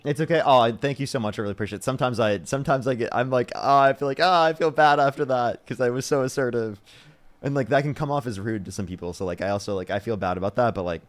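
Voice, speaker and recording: A man hosting a livestream debate show, talking quickly at an ordinary pitch. He thanks donors between callers and presses each caller for a straight answer. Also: fairly even intonation. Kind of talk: casual livestream chat.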